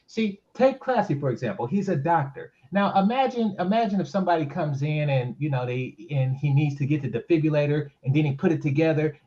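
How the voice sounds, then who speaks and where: A man's voice: on the high side, mellow, muffled recording. A man debating crudely and bluntly, in mock outrage, as co-host of a talk show.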